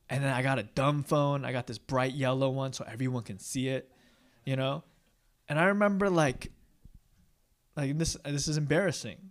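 A man's voice: medium pitch, a bit bright. A young man preaching a casual, conversational sermon, candid and self-deprecating, often tagging "right?" onto his points. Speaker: pastor.

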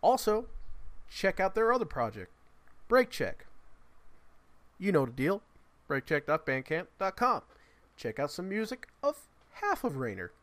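Male podcast co-host, playful and jokey, fairly high voice with a very lively pitch. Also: a little slow, long pauses, dry recording. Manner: playful, laughs often, swoops up in pitch. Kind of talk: casual chat.

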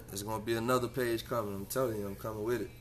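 A man's voice: fairly low pitch, steady tone, quick pace, a little hiss or hum. A man hosting his own podcast in a casual solo monologue, talking in a laid-back, slang-heavy way and pressing his advice with emphasis. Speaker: podcast host.

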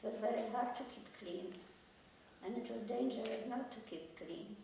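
An older woman from Poland recounts her memories in a quiet, grave, halting way, often circling back to repeat a phrase. Her voice is mellow and dark, heard from a distance. The recording rings with a heavy echo, as though made in a large bare room. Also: fairly high pitch, a little hiss or hum. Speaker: Holocaust survivor giving testimony. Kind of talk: personal testimony. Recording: very echoey room, voice from far off.

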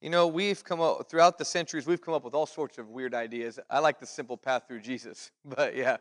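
A man's voice: medium pitch, brisk, in a large hall. A man leading a Bible study, teaching in a folksy, conversational way with family stories and quoted dialogue.

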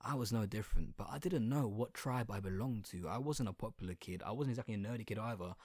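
A young man from Colchester, England, with an English accent and Sylheti Bengali as his first language, speaks candidly in a casual, reflective personal monologue, swearing now and then. His voice is low-ish, husky, and darkish, at a quick pace, in a studio-quality recording with no echo.

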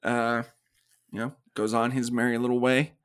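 Recapping a movie's plot for a podcast he co-hosts, a man chats casually, performs the characters' lines, and laughs a lot. His medium-pitched voice moves little in pitch, runs at a normal speed, and sounds clean and fairly bright.

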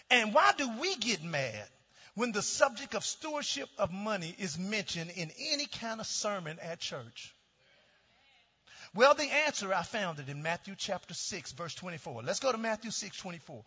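A middle-aged male pastor preaching a sermon with call-and-response, swinging from shouts down to low, quiet tones. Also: big pitch swings, normal speed, slightly rough. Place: church sanctuary. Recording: dull sound with long hall reverb.

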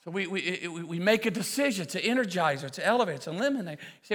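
A male pastor preaching a sermon full of comic stories, with excitable shouting bursts and quick asides. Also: sits high. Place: church auditorium. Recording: preaching in a large echoing hall with audience.

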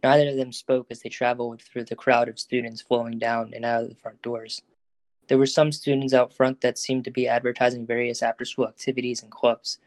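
A man reading the narration of a fan audio drama in a steady storytelling voice. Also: medium pitch, brisk, no room sound.

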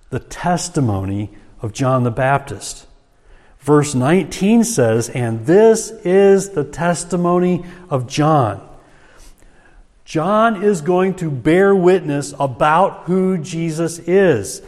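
A man preaching a sermon as a pastor, slow and emphatic, asking rhetorical questions. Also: fairly high pitch, a little mellow. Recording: long hall reverb.

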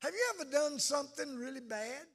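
A man preaching a sermon, shouting and chanting phrases in a slow, drawn-out, impassioned way. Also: very high-pitched, animated. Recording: echoey hall.

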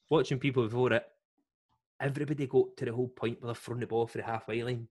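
A Scottish man telling a story in a casual podcast chat, lively and slangy, acting out the voices of the people in it. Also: mid-range voice, fast.

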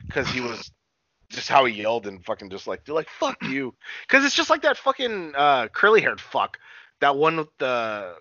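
A man's voice: mid-range voice, wildly swooping pitch, moderate pace, sharp tone, no echo. A man co-hosting a casual wrestling podcast, talking in a profane, rambling way. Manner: profane, rambling, retells scenes. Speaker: podcast co-host. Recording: dull dry lo-fi sound.

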